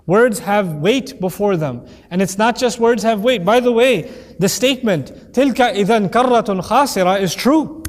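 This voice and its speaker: A man with a fairly high voice gives an animated, playful lecture on Quranic Arabic. He slips into quoted voices to make a point. The sound carries a long hall reverb. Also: normal speed. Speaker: Quran teacher.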